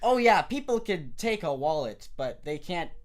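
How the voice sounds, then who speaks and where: A man's voice: on the high side, sing-song, normal speed. A man in casual conversation, reacting to a friend's story and riffing on it with playful jokes. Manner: playful, riffs with jokey voices. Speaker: podcast co-host. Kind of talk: casual chat, reacting and joking.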